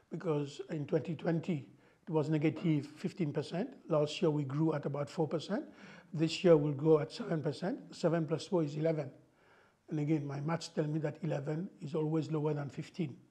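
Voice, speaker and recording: A man's voice: a little high, steady tone, brisk, a little mellow. An older man from Mauritius, a guest in an interview, explaining his views in an emphatic way and often adding "you know". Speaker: guest, former finance minister.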